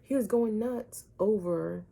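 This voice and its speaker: A woman vlogger telling a personal story to her viewers, animated, often asking "right?" and dropping some words to a whisper. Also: medium pitch, slow pace, gravelly.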